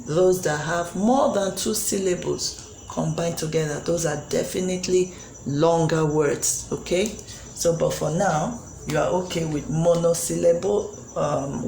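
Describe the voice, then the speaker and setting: Slow low-voiced woman teacher. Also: fairly even intonation, creaky, mellow, reverberant, a little hiss or hum. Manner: patient, repeats words slowly. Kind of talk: children's phonics lesson.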